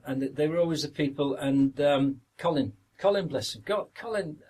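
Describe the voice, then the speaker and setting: A man's voice: a little high, moderate pace, darkish tone. A middle-aged man with a Yorkshire accent, a guest actor reminiscing through long anecdotes in a casual podcast interview.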